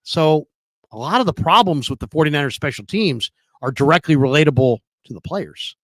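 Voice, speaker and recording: A man with a somewhat high, animated, slightly bright voice talks a little fast on a dry recording. He co-hosts a casual sports talk show over a remote call, arguing with pointed questions and restarting his sentences often.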